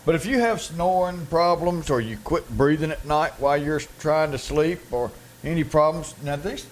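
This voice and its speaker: A man's voice: fairly high pitch, normal speed, slight background noise, poor audio. A man co-hosting a casual talk show, chatty and joking. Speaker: co-host. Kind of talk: casual studio chat.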